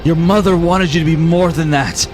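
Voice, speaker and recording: A man voicing a blood-stained young fighter who confronts a woman in a steady, monotone voice. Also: sits high, takes it slowly, music in the background. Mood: earnest. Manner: pleading then firm, monotone.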